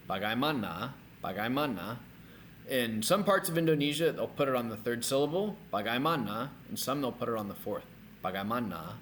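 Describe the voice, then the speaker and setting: A middle-aged man giving a recorded language lesson, energetic and repeating words slowly for learners to copy. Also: medium pitch, a little hiss or hum. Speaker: language teacher.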